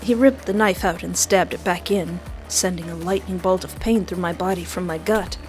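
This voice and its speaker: A woman's voice: lowish voice, moderate pace, faint music behind. A woman playing a horror visual novel, reading the text aloud and reacting in a jokey, dramatic way. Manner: animated, jokey, dramatic outbursts.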